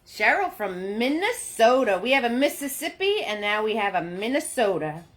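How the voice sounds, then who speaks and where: A woman's voice: on the high side, sing-song, normal speed. A woman hosting a live-streamed painting class, chatty and upbeat as she greets viewers by name, talking into a phone in a holder. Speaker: paint party host.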